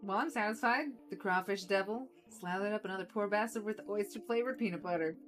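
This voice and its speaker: Woman doing a loud, rude, hyper little male director in a game, barking orders. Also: medium pitch, a little fast, faint music behind, voice pushed up, natural voice. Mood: brash. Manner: brash, shouty, condescending. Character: small energetic rude male film director.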